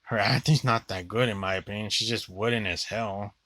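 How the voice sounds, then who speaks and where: A young man talks through a casual movie review, blunt and rambling, with plenty of filler words and casual swearing. His voice is bright and forward, recorded close and dry with no room sound. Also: lowish voice, fairly even intonation, a little fast, no room sound.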